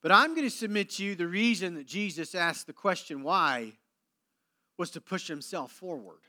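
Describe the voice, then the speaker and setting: A man preaching a sermon, moving between loud emphatic declarations and hushed, low passages with dramatic pauses. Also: lively intonation. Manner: slow deliberate delivery with dramatic pauses. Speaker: pastor.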